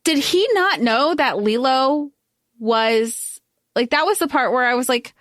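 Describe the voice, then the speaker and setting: A woman's voice: high-pitched, expressive, measured pace, fairly bright tone, no echo, studio quality. A woman co-hosting a podcast, chatting casually about a film and chiming in with questions. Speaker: podcast co-host. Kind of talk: casual movie chat.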